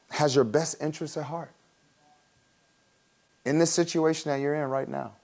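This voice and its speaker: A man preaching a sermon in an easygoing, conversational way. He laughs often and slips into quick acted voices while he teaches. His voice sits at a medium pitch. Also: darkish tone. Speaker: pastor.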